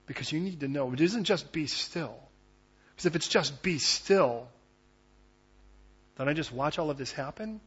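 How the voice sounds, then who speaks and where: Man, pastor, sermon, husky voice, loud urgency to hushed intensity, muffled lo-fi recording. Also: on the high side, lively intonation, normal speed, long pauses.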